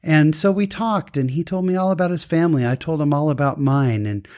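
A man hosting a talk show chats with guests and tells a personal story, upbeat and earnest. His voice is on the high side with a darkish tone, and he speaks fairly quickly.

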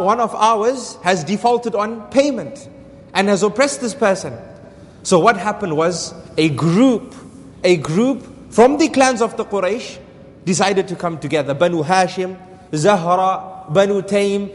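A man's voice: high voice, big-room sound. A man giving a religious lesson as a story, asking rhetorical questions and repeating key phrases. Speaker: Islamic lecturer.

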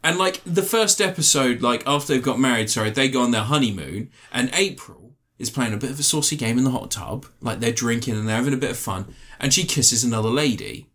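Sweary animated man. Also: mid-range voice, a little fast, few pauses. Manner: sweary, animated storytelling with put-on quotes. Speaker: podcast co-host. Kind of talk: casual chat, reviewing reality TV.

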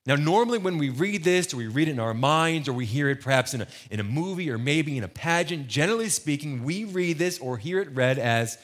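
A man's voice: fairly high pitch, lively intonation, fairly quick, hardly any pauses, a bit bright. A man preaching a sermon, conversational with joking asides. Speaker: pastor.

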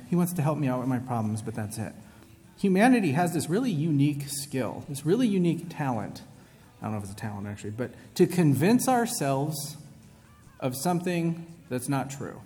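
A man's voice: medium pitch, warm tone. A male preacher giving a conversational sermon to a congregation, often checking in with "right?" and breaking off mid-thought. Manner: casual, asks "right?" often, self-interrupting. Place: large hall with a congregation. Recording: long hall reverb.

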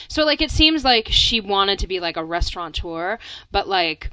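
A young adult woman co-hosting a podcast in casual chat, talking fast and loose with lots of "like" and frequent laughs. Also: mid-range voice, sing-song, pushed and bright, clean tone, dry recording, rough recording. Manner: chatty, fillers of "like", laughs often. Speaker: podcast co-host.

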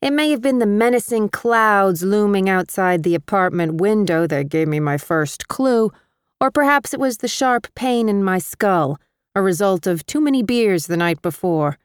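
A woman narrating an audiobook in the first person with wry, measured storytelling. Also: medium pitch, lively intonation, clean tone, no room sound, studio quality.

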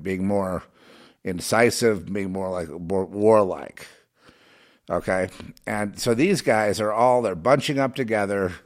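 A man in a rambling rant with many restarts and repeated fillers. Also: low voice. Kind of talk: ranting commentary.

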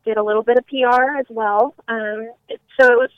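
A woman from Texas, a guest in a casual interview, relaxed and a little shy, often laughing. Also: a little high, fairly quick, clear, resonant tone, dry recording. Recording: tinny phone-like call line.

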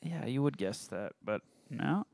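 A man's voice: medium pitch, lively intonation, measured pace, creaky, darkish tone, no room sound. A man co-hosting a casual podcast chat, laid-back and playful, laughing often.

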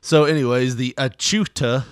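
A man's voice: mid-range voice, fairly even intonation, moderate pace, clear, resonant tone, dry recording, studio quality. A man co-hosting a casual podcast, reading a news story aloud, laughing often and swearing casually. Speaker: podcast co-host.

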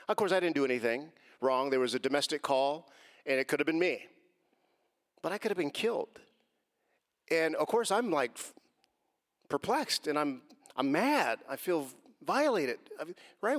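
A man's voice: on the high side, moderate pace, fairly bright tone, long reverb tail. A man in his forties telling an interviewer about his experiences in a personal, earnest way that grows heated as he recounts confrontations. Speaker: guest.

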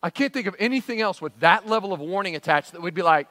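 Pastor, middle-aged man, high bright voice, dry close recording, dynamic sermon delivery. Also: fast, hardly any pauses, no echo. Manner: animated preaching, acts out quotes, swings loud to hushed.

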